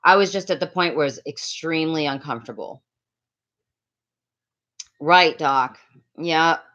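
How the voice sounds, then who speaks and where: A woman from Latin America chatting loudly and quickly on a live stream, reading and answering viewers' comments with frequent laughs. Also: sits low, highs cut off. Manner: loud, fast, laughs often. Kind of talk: casual live-stream chat.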